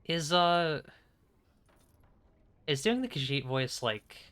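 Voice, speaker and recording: Young guy streaming a game, bright voice, rambles and chuckles a lot. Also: on the high side, sing-song, slow pace, smooth. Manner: rambling, hesitant, lots of fillers and restarts, chuckling. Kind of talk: casual chat while playing a game.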